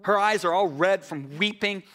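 High, bright-voiced pastor telling a story. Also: male voice, moderate pace. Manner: animated, swings from excited outbursts to hushed tones; repeats words and restarts when worked up. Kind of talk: sermon storytelling.

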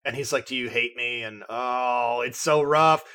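A man in casual film talk, expressive, laughing often and mimicking characters. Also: medium pitch, unhurried, clear, resonant tone.

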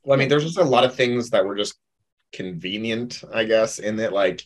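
Animated man chatting about movies. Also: on the low side, normal speed. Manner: animated, jokey, fond of doing accents. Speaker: podcast co-host. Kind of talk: casual movie discussion.

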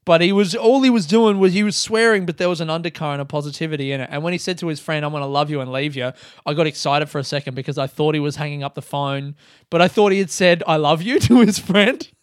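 A man's voice: a little high, fast, smooth, no room sound, studio quality. Swearing Australian man rambling storytelling. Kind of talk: casual solo monologue.

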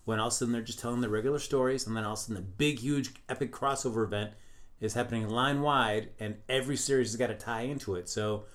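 A man's voice: medium pitch, fairly even intonation, fast talker, fairly bright tone. Male podcast co-host, playful and wordy, casual chat.

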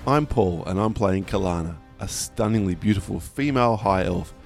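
A man's voice: low-pitched, normal speed, creaky, a little mellow, soft background music. A man introducing his tabletop game character in a joking, mock-grand way. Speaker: player.

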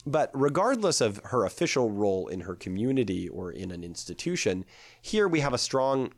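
A man reciting a poem slowly, then explaining its verse in a relaxed lecturing voice. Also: mid-range voice, dry recording. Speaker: lecturer on ancient poetry. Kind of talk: poetry reading and lecture.

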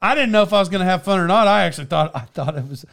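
Oklahoma guy, pretty high voice, laughs thru his stories, just casual chat. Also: lively intonation, rapid-fire, creaky, fairly bright tone. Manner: laughs often while telling stories.

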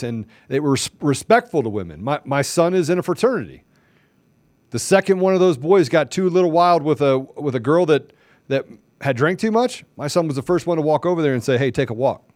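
On a dry recording, a middle-aged man with a voice on the high side hosts a podcast. He delivers a fervent, sermonizing monologue built on repetitive rhetorical questions and works himself up nearly to shouting.

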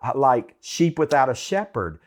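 Man, faith talk show co-host, earnest and encouraging, mid-pitched preacherly delivery. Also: sing-song, a little slow.

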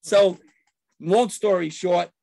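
A man telling a story to friends in casual chat, animated and acting out loud outbursts. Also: high-pitched, slow pace, creaky, no echo.

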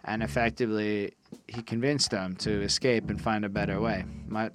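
A young man from Quebec giving a casual, profane review of a rap album, excitable and self-deprecating. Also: lowish voice, moderate pace. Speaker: music reviewer. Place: his room.

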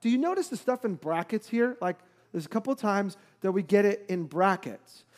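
Male pastor, higher voice, relaxed conversational sermon delivery, explains verses plainly. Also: brisk. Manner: explanatory, conversational teaching with fillers.

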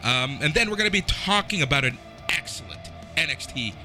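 A man's voice: on the high side, lively intonation, brisk, sharp tone, soft background music. A man from Canada co-hosting a podcast in a laid-back casual chat, swearing freely and laughing often. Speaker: podcast co-host.

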